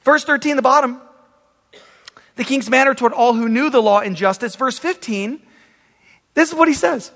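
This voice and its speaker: Casting: conversational male preacher, high voice, long hall reverb. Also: expressive, moderate pace, long pauses, fairly bright tone. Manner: emphatic, conversational preaching with acted-out examples. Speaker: pastor. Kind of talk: sermon.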